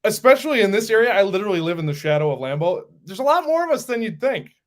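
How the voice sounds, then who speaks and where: A man's voice: high-pitched, sing-song, quick pace. A man from Wisconsin with a Wisconsin accent, a show producer chatting in a friendly way and laughing easily. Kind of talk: casual chat.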